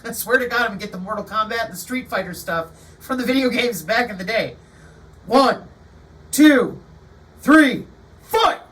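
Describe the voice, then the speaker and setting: A woman hosting her channel in an animated, sarcastic livestream monologue. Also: medium pitch, fast, recorded from a distance, rough recording. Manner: animated, sarcastic, acts out quotes. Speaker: channel host.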